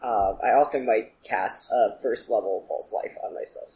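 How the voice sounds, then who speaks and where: A player in a tabletop role-playing game, talking in a relaxed, easygoing way. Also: mid-range voice, moderate pace, a little hiss or hum, low-quality recording. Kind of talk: casual tabletop game play.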